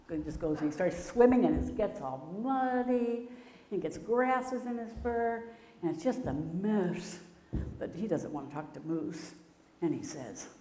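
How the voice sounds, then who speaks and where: A woman telling a children's story at a congregation service, animated and playful, adding sound effects. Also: on the low side, unhurried. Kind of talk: children's story time narration. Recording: echoey hall with long reverb.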